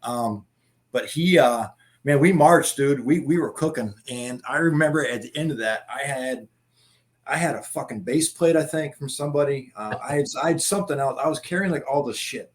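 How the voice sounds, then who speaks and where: A man's voice: medium pitch, normal speed. A middle-aged man, a guest, telling stories in a rambling, profane casual chat.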